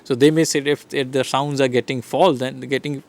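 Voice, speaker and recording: A man's voice: medium pitch, steady tone, a little fast, creaky, darkish tone. Man lecturing on stress. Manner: explains slide by slide, often checks in with "right?" and "fine". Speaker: English lecturer. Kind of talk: recorded online lecture.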